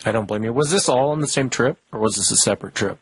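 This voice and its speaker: A man's voice: mid-range voice, fast talker, breathy edge, dry recording. A male host interviewing a caller in a casual, conversational way and asking direct questions.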